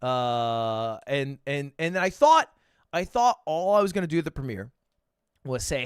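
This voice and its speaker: A man in his twenties, a streamer telling a story in casual chat, animated and swearing, with sudden bursts of loud laughter. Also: a little high, moderate pace, clear, resonant tone, no echo, clean studio sound. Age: 20s.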